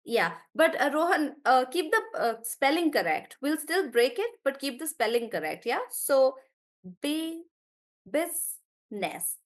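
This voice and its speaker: A woman's voice: high voice, big pitch swings, normal speed, few pauses. Chatty, encouraging woman teacher. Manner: chatty, encouraging, praising students by name; laughs often between explanations. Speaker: English teacher. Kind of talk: live online class.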